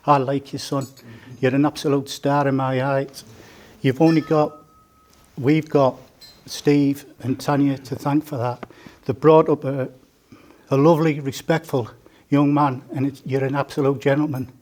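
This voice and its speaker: A man's voice: mid-range voice, flat delivery, unhurried, darkish tone. A man, giving a joking, story-filled father of the bride speech at a wedding reception. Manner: joking, storytelling, teasing the groom. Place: indoor wedding reception room.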